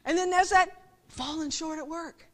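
A woman's voice: very high voice, steady tone, moderate pace. A middle-aged woman giving a conversational sermon, often asking the audience rhetorical questions and acting out quotes. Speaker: speaker at a church service.

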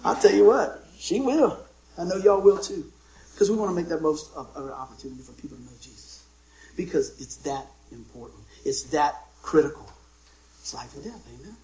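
A man's voice: fairly high pitch, brisk, darkish tone, reverberant, rough recording. A middle-aged man preaching a sermon, telling folksy jokes and stories and calling out for amens from the congregation. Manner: folksy, joking storyteller with call-and-response amens. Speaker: pastor.

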